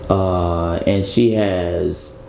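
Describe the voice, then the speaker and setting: In a casual interview, an actor and comedian appears as a guest, speaking in a deep, gravelly voice with a warm, steady tone and an extremely slow pace. He rambles in a laid-back way and laughs as he jokes. The recording has a roomy echo and faint background noise.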